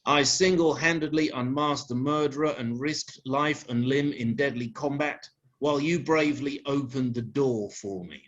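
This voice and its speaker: An actor playing a rude, arrogant detective in a live comedy sketch, in a British accent, talking in a brash, crude and boastful way. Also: male voice, mid-range voice, moderate pace, fairly bright tone, close to an everyday voice. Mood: scornful. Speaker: sketch performer. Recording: lo-fi live recording.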